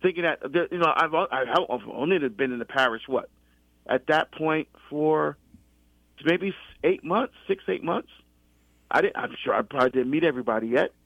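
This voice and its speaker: A middle-aged deacon from the US East Coast in a conversational faith talk, telling his story with many restarts and animated quoted exchanges. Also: a little high, moderate pace, vocal fry, no room sound. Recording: dull lo-fi sound.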